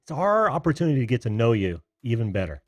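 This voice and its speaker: A man's voice: mid-range voice, fast talker, no room sound, clean studio sound. A man hosting a live video call-in show, chatting casually and laughing often. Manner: laughs often, easygoing, relaxed.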